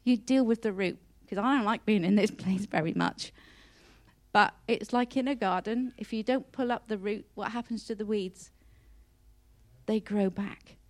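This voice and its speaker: A Christian speaker gives an earnest, heartfelt devotional talk in a mid-range voice at normal speed. She is openly emotional and often repeats or restarts words partway through a phrase.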